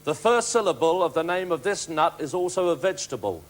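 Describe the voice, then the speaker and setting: A man's voice: fairly high pitch, lively intonation, fairly quick. A man hosting a family game show, chatty, teasing and upbeat with young contestants. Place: TV studio with live audience. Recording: 1980s TV studio with loud audience and noise.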